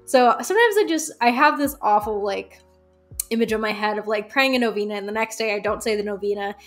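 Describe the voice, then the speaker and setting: A woman talking as a podcast guest, telling candid stories in an animated way, laughing and acting out the voices she quotes. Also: medium pitch, fast talker, soft background music. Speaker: guest, folk magic practitioner.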